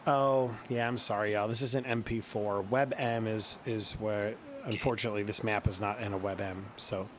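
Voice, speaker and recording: A man's voice: fairly low pitch, fairly even intonation, normal speed, few pauses, background noise. A man with a Midwestern accent, running a tabletop game as game master and explaining the rules in a casual, rambling way. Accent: Midwestern American.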